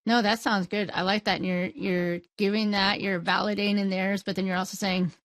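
A woman's voice: medium pitch, level tone, moderate pace, no room sound. A woman co-hosting a conversational discussion, asking questions and responding with engaged interest. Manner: engaged, asks questions, laughs lightly. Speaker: podcast co-host.

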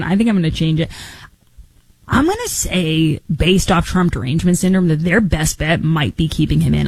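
Animated woman hosting political talk. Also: medium pitch, no room sound, rough recording. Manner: incredulous, rhetorical, animated questioning. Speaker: political talk show host. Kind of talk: opinionated political commentary.

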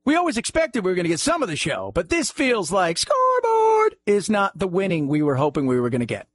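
A man's voice: sits high, huge pitch swings, brisk, a bit bright. A man hosting a talk radio show, delivering a sarcastic, mocking monologue.

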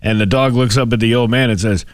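A man co-hosting morning radio, telling a joke with a lively storytelling manner. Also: mid-range voice, quick pace, very noisy. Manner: animated storyteller, does voices. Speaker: radio morning show co-host. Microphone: studio microphone.

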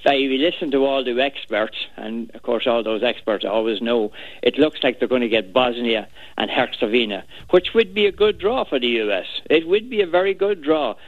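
A man giving wry, measured soccer analysis as a guest pundit. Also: mid-range voice, lively intonation, dry recording. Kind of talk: sports analysis on air. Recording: tinny phone-like clip.

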